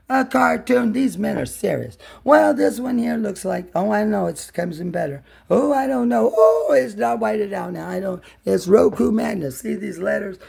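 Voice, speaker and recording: A man rambling through a reaction video, muttering to himself and shouting insults at the speaker on screen. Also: high voice, creaky, breathy edge. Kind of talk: rambling hostile commentary.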